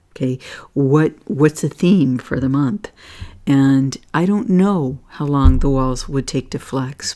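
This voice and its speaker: A woman with a deep, warm voice hosts a casual spiritual talk on astrology and energy readings over charts. She rambles with lots of fillers, often checks in with "okay?", and is earnest enough to get emotional.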